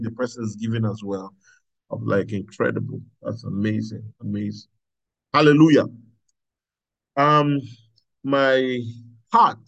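A man's voice: fairly low pitch, vocal fry, poor audio. A man pastoring a prayer meeting, preaching earnestly and repeating himself with frequent hallelujahs. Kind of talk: sermon.

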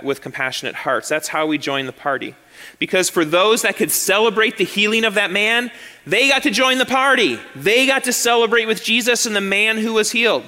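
A man's voice: a little high, pushed and bright, long reverb tail. A male pastor preaching a sermon to his congregation, repeating key phrases and asking rhetorical questions. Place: church sanctuary.

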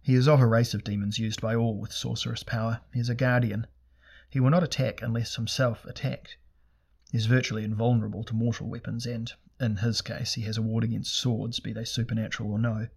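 A man's voice: mid-range voice, little pitch movement, brisk, gravelly, a little mellow, breathy edge. Sardonic sorcerer prince, formal and cold, read by a man. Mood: grim. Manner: formal, archaic speech.

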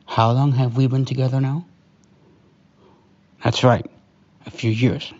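A man doing a comforting partner role-play, talking softly and slowly in a hushed, soothing way. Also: medium pitch, flat delivery, highs cut off. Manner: soft, hushed, soothing and slow. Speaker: storyteller.

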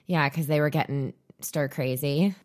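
A woman's voice: low-pitched, normal speed, a little mellow. A woman in her thirties co-hosting a podcast, telling stories in a dry, self-mocking casual chat. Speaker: podcast co-host.

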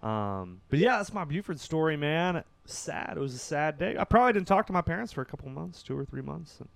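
A man from Kentucky tells a story as a podcast guest, his voice lifting and dropping with lively swings in pitch. He moves between loud bursts and hushed stretches. The sound is dry and close. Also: fairly quick, creaky, no room sound. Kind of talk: casual storytelling.

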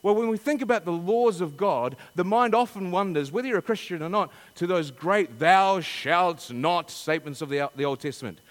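Animated male preacher, high lively voice. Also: brisk, hardly any pauses, big-room sound. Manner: animated, rhetorical questions, dramatic readings. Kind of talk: sermon.

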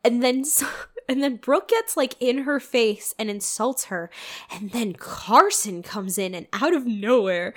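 Animated, profane young woman reviewing a movie. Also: a little high, measured pace. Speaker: podcast host. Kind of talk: casual movie commentary.

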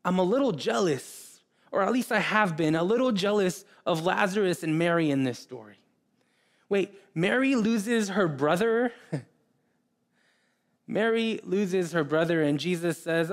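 A man preaching a sermon in an earnest way, often repeating words and pausing. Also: sits high, lively intonation. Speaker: pastor.

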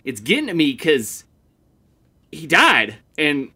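A man playing Tarzan as a rambling, easily distracted father in an improvised comedy podcast, talking haltingly with many fillers. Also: a little high, wildly swooping pitch, bright, forceful tone, husky, full character voice.

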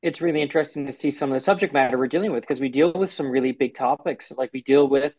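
A man giving an interview about a TV series he works on, talking with lively restarts and acted-out quotes. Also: mid-range voice, no echo, low-quality recording. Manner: animated, quick restarts and quoted asides.

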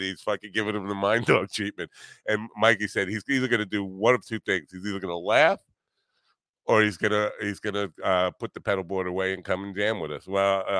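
A man's voice: on the low side, sharp tone, no room sound. Blunt, profane man hosting a podcast. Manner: blunt, profane, self-deprecating, many fillers. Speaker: podcast host and musician. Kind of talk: casual rambling chat.

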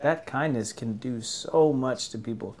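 A man's voice: medium pitch, a little slow, a little mellow. A man in his thirties, a podcast guest and father, speaking earnestly and casually about faith and family. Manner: earnest, faith-focused talk. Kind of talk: casual chat.

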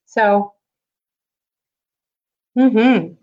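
A woman's voice: medium pitch, normal speed, highs cut off. A middle-aged woman from New Jersey hosting a live stream, chatting casually and rambling with lots of fillers. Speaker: podcast host.

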